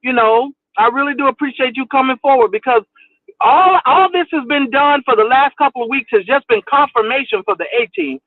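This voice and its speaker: Guy calling in, really high voice, preachy, scolding, thin phone sound. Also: a little fast, dry recording. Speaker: caller. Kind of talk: heated call-in rant. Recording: tinny dry phone line.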